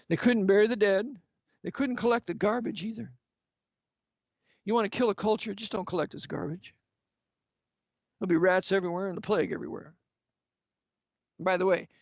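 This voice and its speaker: This impassioned, sermon-like lecture comes from a high-pitched man who hammers the listener with rhetorical questions in anger. The sound is dry, dull, and lo-fi.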